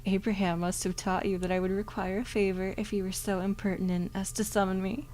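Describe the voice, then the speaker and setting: A woman softly voicing a suave male crow demon with formal, old-fashioned manners, in a whispered role-play. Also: medium pitch, little pitch movement, fairly quick, a little hiss or hum, lightly acted, low-quality recording. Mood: silky.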